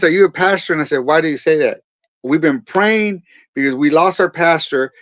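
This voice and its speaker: A man's voice: a little high, no echo. A man from California's Central Valley, a pastor and veteran, telling his story in a podcast interview and acting out the dialogue as he goes. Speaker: guest, pastor and Marine veteran. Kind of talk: personal testimony in a podcast interview. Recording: dull, dry podcast audio.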